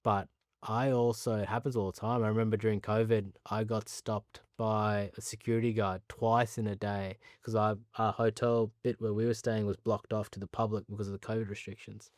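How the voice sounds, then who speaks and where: A man in his thirties with an Australian accent, a guest telling relaxed stories with frequent laughs. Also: on the low side, fairly quick, no room sound, clean studio sound. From Pakistan. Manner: relaxed anecdotes, laughs often, restarts. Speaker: interview guest, cricketer. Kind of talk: casual storytelling.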